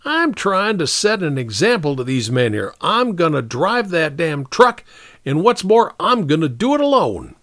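A man voicing a bullying, loud army captain who sneers and bellows at his troops. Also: on the high side, sing-song, measured pace, dry recording, clean studio sound, voice pushed up. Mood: contemptuous. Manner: bellowing, sneering, uneducated grammar.

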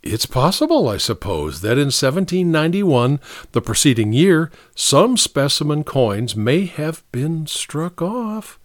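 A man's voice: on the high side, very animated, a little slow, dry recording, clean studio sound, pitched above the performer's own voice. A man voicing a haughty, eager woman of title who collects rare coins, in an audiobook. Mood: imperious.

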